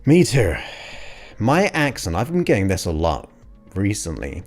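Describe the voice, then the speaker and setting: A man's voice: fairly low pitch, wildly swooping pitch, measured pace, darkish tone, faint music behind. A man from England hosting his show, chatting casually and enthusiastically with viewers. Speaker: podcast host. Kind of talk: casual livestream chat.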